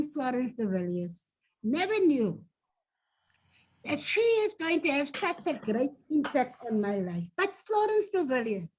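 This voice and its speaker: A woman's voice: high voice, low-quality recording. An older woman with a South African accent, a union leader telling earnest stories from her past in an interview. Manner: earnest, reminiscing, animated storyteller. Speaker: domestic workers' union leader, guest. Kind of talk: personal storytelling in an interview.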